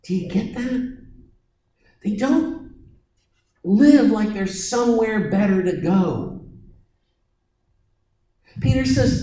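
A man preaching a sermon, telling stories and acting out voices with dramatic pauses. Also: high-pitched, big pitch swings, mellow, reverberant, rough recording.

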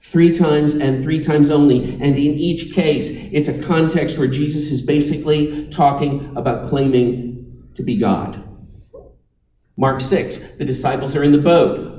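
A man's voice: fairly high pitch, warm tone, far from the mic. Emphatic preacher man in an echoey room. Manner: emphatic, dramatic pauses, invites congregation to repeat. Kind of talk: sermon.

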